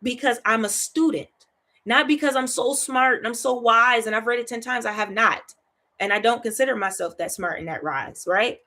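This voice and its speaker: A woman leads a Bible study in a relaxed, chatty teaching style, her voice a little high and her pace normal. She's animated, laughs a lot, keeps asking "right?" and repeats phrases to drive points home.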